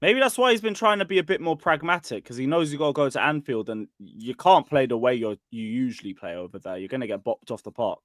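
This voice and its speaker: A young man, calmly talking football with other panelists in a casual chat. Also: mid-range voice, fast, few pauses, dry recording, studio quality.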